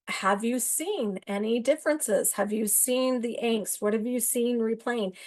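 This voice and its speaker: A woman hosting an astrology talk show, chatting casually to her viewers in a rambling, self-interrupting way, rushing some phrases and drawing others out. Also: fairly high pitch. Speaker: astrology podcast host.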